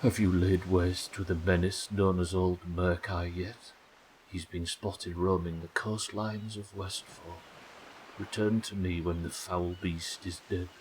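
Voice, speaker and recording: A man voicing a solemn, ghostly old male sea captain, reading slowly and gravely with a very deep voice. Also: flat delivery, darkish tone, slight background noise, rough recording. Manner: slow, low, grave quest-text reading.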